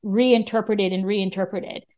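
A woman talking as a podcast guest in casual chat, animated, with frequent restarts. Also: mid-range voice, measured pace.

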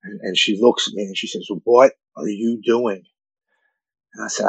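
A man in his forties with a somewhat low voice tells a personal story, earnest and halting, often repeating himself when moved. His voice is recorded close and dry. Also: steady tone, gravelly, a bit bright, breathy edge, dry recording, poor audio. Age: 40s. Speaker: guest telling his recovery story.

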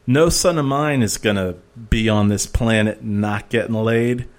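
Man voicing a breezy, crude king of the gods, deadpan and sarcastic. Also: lowish voice, a little slow, smooth, close to an everyday voice. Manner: casual, sarcastic paraphrase.

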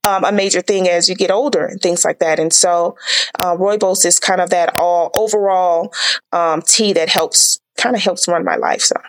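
A woman's voice: on the low side, fairly even intonation, moderate pace. A woman being interviewed as a small business owner, talking earnestly and reflectively with frequent fillers and restarts in a casual conversation. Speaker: tea business owner guest.

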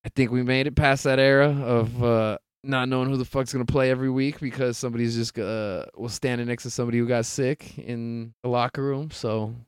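A man's voice: mid-range voice, steady tone, brisk, hardly any pauses, clean tone, dry recording. A young man hosting a podcast, chatting casually about sports news in a laid-back, rambling way with lots of swearing. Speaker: podcast host.

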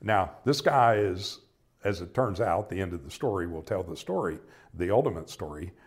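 Casual, slow-building: deep-voiced older man recounting a personal memory. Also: expressive. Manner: reflective, halting, with many restarts and quoted dialogue. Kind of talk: personal storytelling.

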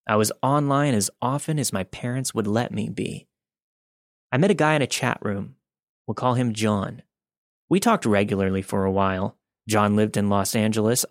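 A man reads a listener's true story for a podcast, keeping a calm, even storytelling pace. His voice sits at an ordinary middle pitch. The sound is dry and close, with no room around it. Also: dry recording. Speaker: podcast host reading listener stories. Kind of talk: scripted first-person narration.

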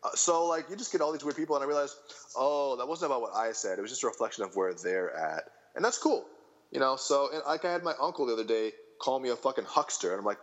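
A man in his thirties chatting casually as a podcast guest, rambling and animated, with lots of fillers and restarts. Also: mid-range voice, fast talker, muffled recording.

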